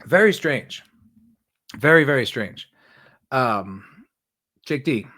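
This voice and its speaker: A man's voice: mid-range voice, big pitch swings, slow pace, long pauses, sharp tone. A man hosting his own podcast, giving casual solo commentary in a sarcastic, rambling way, often mocking quoted voices. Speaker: podcast host.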